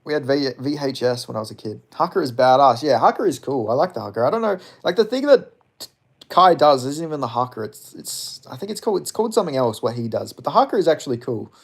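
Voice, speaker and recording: Talking fast in an expressive, medium-pitched voice that's creaky and slightly rough, this twenty-something streamer rambles through his chat. He swears freely and laughs a lot while chatting casually with viewers.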